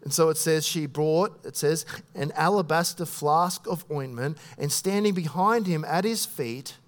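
Animated male preacher, fairly high voice. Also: a little slow. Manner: animated storytelling, voicing inner thoughts, dropping soft at moving moments. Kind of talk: sermon.

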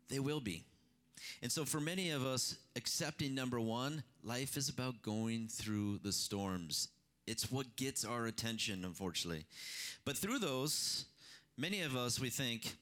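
Guy preaching a sermon, fired up, voice jumps high then drops low, keeps repeating lines. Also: lively intonation, unhurried. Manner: impassioned preaching with sudden rises and drops in pitch and loudness; repeats phrases for emphasis. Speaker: pastor.

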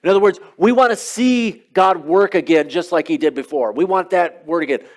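A man's voice: sits high, fairly quick. A man preaching a sermon as pastor, retelling a scripture story in a casual, conversational way with offhand asides.

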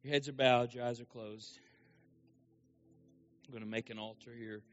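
A man's voice: mid-range voice, fairly even intonation, moderate pace, fairly bright tone, soft background music. A man preaching a sermon in a church service, telling a story in a conversational way to the congregation. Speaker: pastor. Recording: dull lo-fi sound.

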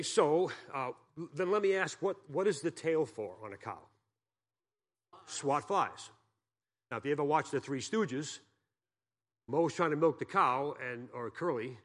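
A man's voice: mid-range voice, fairly bright tone. Male guest pastor, from Massachusetts, sermon, folksy, joking, quizzes the congregation. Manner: folksy and joking, with homespun stories; asks the congregation questions.

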